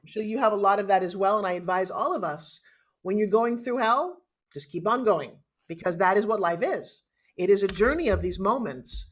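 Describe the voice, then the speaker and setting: In a mid-range voice at a moderate pace, a middle-aged woman with a New York accent shares her life story in an interview. She's from New York and tells it dramatically and with lots of animation.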